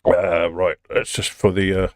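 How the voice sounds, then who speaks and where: A man's voice: deep voice, little pitch movement, a little slow, dry recording. An older man chatting casually on a livestream from his home studio, rambling and drifting off topic as he talks. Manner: rambling, easily sidetracked, swears casually. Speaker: music producer streaming a session.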